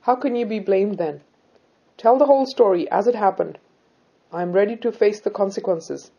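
A woman reading the part of a brave young Sikh woman who speaks calmly, politely and firmly. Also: mid-range voice, moderate pace, vocal fry, breathy edge, highs cut off. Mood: resolute. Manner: calm, polite, firm.

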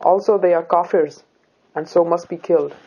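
A woman's voice: on the low side, fairly even intonation, moderate pace, warm tone, dull audio, a little hiss or hum, close to an everyday voice. A woman reading the part of a stern, commanding male ruler. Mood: imperious.

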